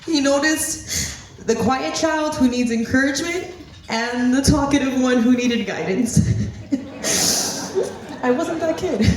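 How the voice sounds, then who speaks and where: A woman in her thirties from the Miami area gives an earnest tribute speech to a former teacher, fighting back tears and laughing nervously. Her voice is slightly high. It echoes heavily around a big hall, picked up from far off the mic. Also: a little mellow. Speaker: former student giving a speech. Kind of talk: emotional tribute speech, partly read. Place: hotel banquet hall.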